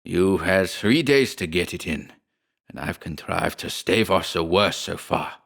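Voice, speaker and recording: A man doing a gruff menacing old father. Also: deep voice, expressive, unhurried, fairly bright tone, exaggerated voice. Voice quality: gruff, vibrating voice. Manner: impatient, passionate, half-stifled.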